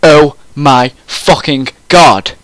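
A man's voice: mid-range voice, very animated, a little slow, fairly bright tone, no room sound. A man voicing a self-absorbed seventeen-year-old goth vampire girl who speaks in an overdramatic, breathless way. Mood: dramatic.

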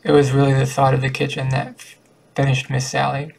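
A man narrating a short story as an amateur audiobook, halting at times and restarting words. His voice is gravelly and husky. His pitch stays flat and unvaried. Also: poor audio. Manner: halting, with occasional slips and restarts. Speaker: audiobook reader.

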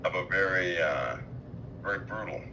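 A man speaking on a headset as a guest on a talk show, halting, with many fillers and restarts. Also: deep voice, noisy background. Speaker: guest commentator. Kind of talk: call-in talk show chat.

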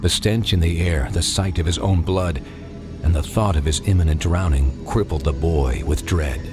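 A man narrating a dark audiobook in measured, dramatic storytelling. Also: deep voice. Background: music.

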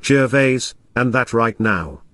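A lovesick young parish clerk, foolish and pleading, pours out flowery endearments, read by a man. The voice swings widely in pitch. It sounds close and dry, with no room around it. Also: expressive, slow pace, fairly bright tone, dry recording. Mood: wooing.

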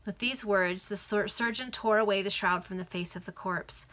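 Bright-voiced woman reading a novel aloud. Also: medium pitch, moderate pace. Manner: earnest reading with small self-corrections. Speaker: reader. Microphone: video call.

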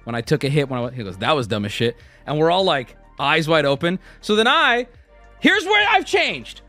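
A man's voice: a little high, moderate pace, no room sound, faint music behind. A man in his thirties casually telling a swear-filled story, acting out what people said. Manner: animated, swears often, acts out quotes.

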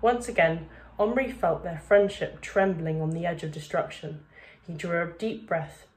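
A woman's voice: fairly low pitch, fairly even intonation, moderate pace, darkish tone. Woman teacher reading a story. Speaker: primary school teacher. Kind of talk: reading a children's novel aloud.

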